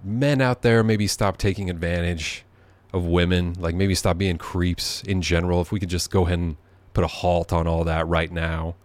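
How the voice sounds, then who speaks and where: A very deep-voiced man hosting a podcast from his living room. He rambles sardonically and swears freely, drifting off into asides as he goes. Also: steady tone, moderate pace, no room sound. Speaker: podcast host. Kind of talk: rambling comedic monologue.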